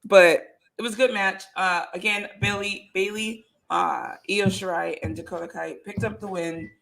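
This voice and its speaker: A woman's voice: medium pitch, normal speed, creaky. A woman co-hosting a casual podcast, talking loosely with plenty of ums and uhs. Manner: relaxed, lots of fillers like um and uh. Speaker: podcast co-host. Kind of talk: casual chat.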